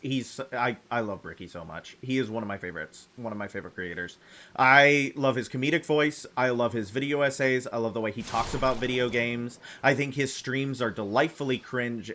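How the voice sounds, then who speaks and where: Rambling, excitable man streaming a game. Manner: rambling and excitable, laughing often, sudden high jumps in pitch. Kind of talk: casual chat while playing a game.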